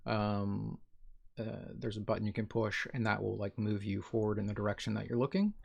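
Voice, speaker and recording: A man's voice: lowish voice, steady tone, a little fast, vocal fry, darkish tone, highs cut off. A man from Ohio, co-hosting a podcast, chatting casually in a rambling way, full of fillers and restarts. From Ohio, USA. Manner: rambling, filler-heavy, self-correcting. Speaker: podcast co-host. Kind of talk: casual chat.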